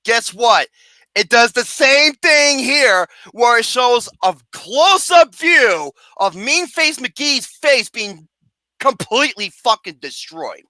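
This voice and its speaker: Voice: mid-range voice, big pitch swings, slow, bright, forceful tone, no room sound. A movie reviewer ranting about a film in a comedic, profane way, mocking and sarcastic, swearing constantly and breaking into laughter.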